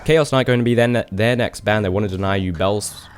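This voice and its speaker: Chatty young Australian esports caster. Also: male voice, lowish voice, fairly quick. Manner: chatty, self-deprecating asides. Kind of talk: solo game commentary.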